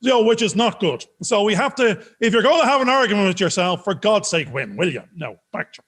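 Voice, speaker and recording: Man, high voice, animated, playful, self-mocking podcast co-host. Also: brisk, husky. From Ireland. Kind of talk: joking podcast banter. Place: video call.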